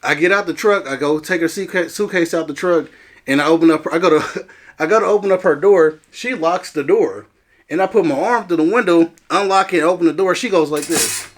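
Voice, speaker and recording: High-voiced man telling a story. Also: a little fast. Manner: animated, acts out quotes, laughs often. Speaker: cast member telling a story. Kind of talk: casual storytelling.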